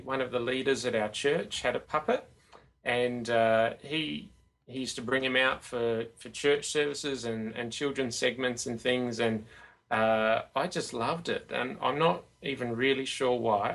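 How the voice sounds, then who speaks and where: A man's voice: medium pitch, vocal fry, a bit bright, low-quality recording. A man with an Australian accent, a ventriloquist and teacher, answering interview questions in a friendly, reflective way. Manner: friendly, reflective, light hesitations. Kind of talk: interview guest.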